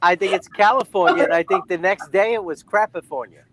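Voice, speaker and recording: A man on a comedy panel, adding dry, quick one-liners. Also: sits high, heavy background noise. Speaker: guest panelist. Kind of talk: casual comedic banter.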